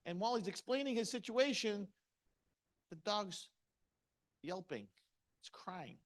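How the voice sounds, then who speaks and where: A man's voice: sits high, lively intonation, measured pace. A middle-aged man giving a motivational seminar talk, punchy and asking the audience questions. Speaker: motivational speaker.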